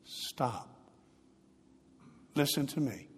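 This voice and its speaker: A man voicing a comforting mother within a sermon, speaking softly but firmly. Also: on the high side, expressive, normal speed, long reverb tail. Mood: gentle firm. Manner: soft but firm.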